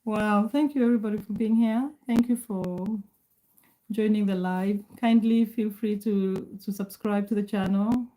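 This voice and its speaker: A woman's voice: mid-range voice, low-quality recording. Woman in her forties from Kenya, livestreaming. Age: 40s. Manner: reads out viewer names and answers chat; calm, measured speech. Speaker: livestream host. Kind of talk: casual livestream chat.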